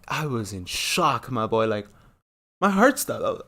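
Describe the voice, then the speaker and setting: A man's voice: sing-song, moderate pace, bright, forceful tone. A man in his thirties talking casually and profanely on his own, rambling and losing his train of thought, and acting out quoted lines in a jumpy, rising voice. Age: 30s. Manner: acts out quoted dialogue with sudden high jumps in pitch. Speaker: solo talk channel host. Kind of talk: casual monologue.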